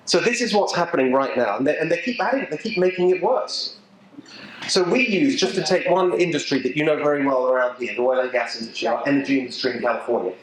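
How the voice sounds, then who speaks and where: A middle-aged man with an English accent giving an animated, emphatic talk to a local political group, joking with the audience as he goes. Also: on the high side, fast, crowd noise. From England. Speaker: political speaker. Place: event venue with a live audience. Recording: echoey room.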